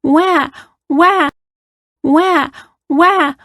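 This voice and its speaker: A woman voicing a crying little girl in a storybook read-aloud, wailing in a high sing-song. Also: expressive, extremely slow, a bit bright, dry recording, clean studio sound, full character voice.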